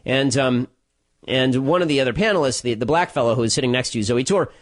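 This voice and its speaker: A man delivering a solo commentary monologue, telling a story quickly with restarts and sarcastic, mocking asides. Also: mid-range voice. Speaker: political commentator.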